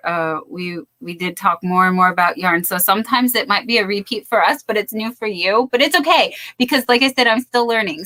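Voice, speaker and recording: A woman's voice: medium pitch, bright, forceful tone. A woman hosting a casual crafting livestream, chatting and reading out viewer comments. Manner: chatty, reads out viewer comments, apologetic asides. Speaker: livestream host.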